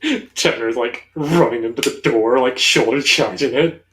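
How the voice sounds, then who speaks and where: A man's voice: medium pitch, unhurried, a bit bright, a little hiss or hum. A man playing a tabletop game, describing his character and speaking in character to a monster. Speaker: player. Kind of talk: casual tabletop game chat.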